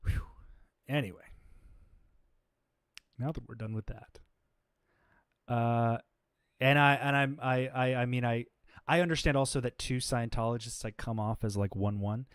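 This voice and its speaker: A livestream host goes on an unscripted rant, exasperated and confrontational, saying he's exhausted while stumbling through lots of fillers and restarts. His mid-range voice is clean and a little slow, with long pauses, in a clean studio recording with no room sound.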